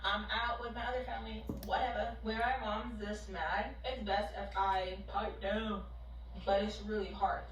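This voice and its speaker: A woman's voice: medium pitch, little pitch movement, moderate pace, muffled recording, slight background noise. Ranting young woman, echoey playback from afar. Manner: heated, ranting, emphatic. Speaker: storytime YouTuber. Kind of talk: storytime monologue. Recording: roomy video played back from a distance.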